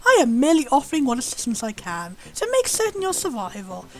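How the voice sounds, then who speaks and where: A woman's voice: high voice, huge pitch swings, fast, darkish tone, pitched below the performer's own voice, full character voice. A British woman voicing a courteous, formal old male monster butler in a video game, with prim, old-fashioned wording. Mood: polite, formal.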